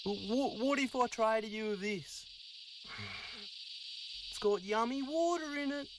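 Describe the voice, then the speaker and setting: A man's voice: extremely high pitch, a little slow, background noise. A man voicing a friendly, crude young male Sasquatch, swearing and matey over gameplay. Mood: cheeky.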